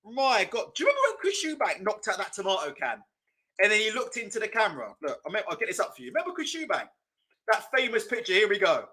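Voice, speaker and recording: A man's voice: high-pitched, huge pitch swings, quick pace, pushed and bright. A man hosting a live boxing watch-along, commentating in a casual, mocking, profane way. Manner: mocking, laughing, loose and profane.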